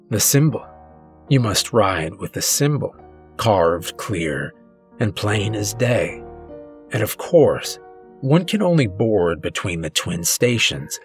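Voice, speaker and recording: A man voicing a weary, patient old male passenger on a train, speaking softly and quietly. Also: medium pitch. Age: older. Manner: soft, quiet, measured.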